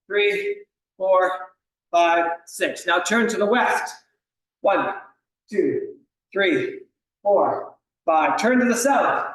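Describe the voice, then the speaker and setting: A man's voice: high-pitched, fairly bright tone. Upbeat man coaching an exercise class. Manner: upbeat, encouraging, counts out reps. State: slight cough. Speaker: fitness instructor. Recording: echoey room, voice far from the mic.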